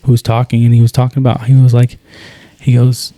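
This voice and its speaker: A man's voice: medium pitch, completely flat delivery, fairly quick, mellow, no room sound. A man co-hosting a podcast, chatting casually in a rambling way, often restarting and quoting himself. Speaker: podcast co-host.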